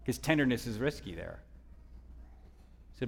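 A man preaching a sermon as a guest speaker, telling a story in a dynamic way that drops to hushed tones and rises for emphasis. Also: medium pitch, expressive, measured pace, pauses often, long reverb tail. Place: church hall.

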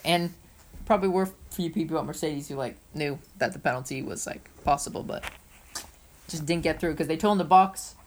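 A woman's voice: sits low, a little fast, a little hiss or hum. A young woman co-hosting a casual podcast, chatty and joking as she recaps a race. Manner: chatty and playful, jokes often. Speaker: podcast co-host. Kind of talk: casual chat about motor racing.

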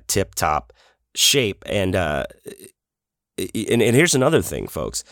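Sick male podcast host, middle-aged, low scratchy voice, dry close sound, rambling and profane. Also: a bit bright, dry recording. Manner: rambling, profane, self-deprecating. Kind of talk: casual solo podcast chat. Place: home office desk.

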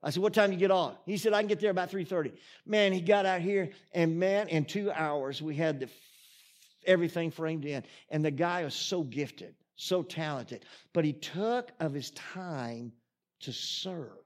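A man's voice: fairly high pitch, normal speed. A middle-aged man, preaching a sermon in a folksy, storytelling way and reading scripture with rising emphasis. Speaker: pastor.

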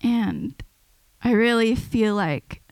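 A woman with a high-ish, animated voice that's slow, creaky and a touch mellow preaches an informal, earnest sermon to a church. She talks conversationally, often restarting sentences; the recording is rough but echo-free.

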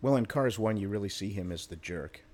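A man's voice: fairly low pitch, expressive, a little fast, darkish tone. A man speaking as a podcast guest in a studio, adding brief, blunt remarks to a casual chat. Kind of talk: casual movie review chat.

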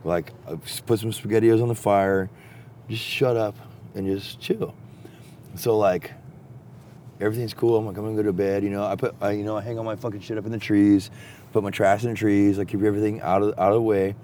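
A man telling a long story in a profane, rambling, casual way that turns animated when he gets excited. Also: on the low side, brisk, slight background noise. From Texas.

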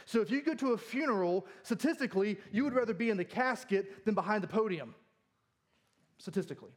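A man's voice: high voice, expressive, brisk. A man preaching a sermon in a church, joking and laughing often as he talks about fear and anxiety. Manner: jokey, self-deprecating, laughs often. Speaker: pastor. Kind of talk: humorous sermon.

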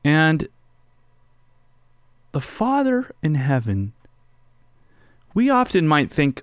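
A man gives a relaxed sermon with a personal story, speaking slowly and conversationally, often asking listeners questions and going soft and slow on key phrases. His voice is a little high and smooth, recorded dry and close with no room echo.

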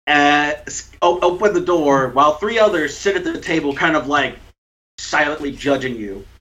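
A man running a tabletop game as game master, halting and full of fillers as he describes the scene. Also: on the high side, a bit bright, dull audio.

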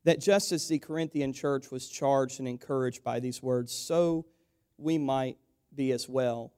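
A man's voice: medium pitch, steady tone, a little slow, dark tone, clear, resonant tone. A man preaching a sermon to his church, building to emphatic, repeated exhortations and calling his listeners "church".

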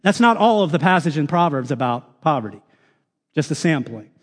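Pastor, young man, earnest sermon delivery with ums; slightly high voice, reverberant sanctuary. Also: lively intonation, brisk. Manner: earnest, reads scripture aloud with many ums. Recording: long reverb of a large hall.

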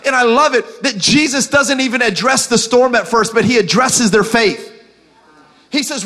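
A male pastor preaching a sermon to a church service, building to shouts and urging the congregation. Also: very high-pitched, moderate pace. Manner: preaching with rising shouts and call-and-response urging.

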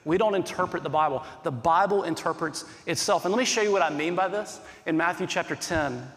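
A man's voice: a little high, brisk, a bit bright, in a large hall. A male pastor preaching a sermon in an earnest, conversational way, asking many rhetorical questions.

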